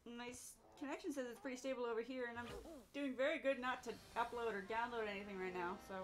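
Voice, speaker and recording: A woman's voice: fairly high pitch, fairly even intonation, fast. A woman streamer giving playful, chatty live gameplay commentary with silly asides.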